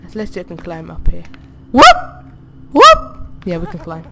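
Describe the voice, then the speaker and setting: A woman's voice: on the low side, steady tone, racing, creaky, very noisy. A woman playing a horror game, talking to herself in jumpy, reactive commentary. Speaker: gaming channel host.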